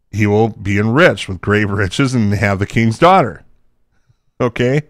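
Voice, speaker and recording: A man's voice: mid-range voice, no echo, clean studio sound. A man teaching from the Bible, reading scripture aloud and breaking into casual, chatty asides.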